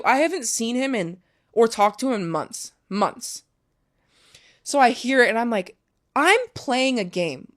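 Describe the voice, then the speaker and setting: Candid young woman telling a story. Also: a little high. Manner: candid, swears freely, heavy use of "like". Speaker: guest, professional soccer player. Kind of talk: casual storytelling interview.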